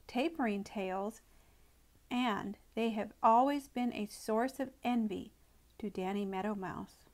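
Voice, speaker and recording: Slow, gentle woman reading a storybook. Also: on the high side. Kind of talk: storybook read-aloud narration.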